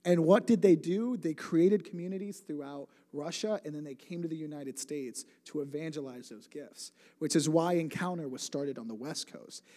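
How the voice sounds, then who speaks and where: This church speaker, a man in his late twenties, tells sermon stories loosely and with humor, frequently cutting himself off mid-sentence. His mellow voice is a little high, moving at normal speed with few pauses, and the hall reverb is long.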